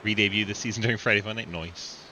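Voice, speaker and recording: A man's voice: lowish voice, steady tone, fast, noisy background. A man calling a sim racing event as commentator, casual and joking, laughing often. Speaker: race commentator.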